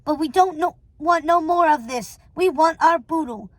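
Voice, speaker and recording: A woman voicing a gruff, dim-witted male henchman who whines and blusters. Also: high-pitched, moderate pace, no room sound, voice pushed up, close to an everyday voice. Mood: whiny.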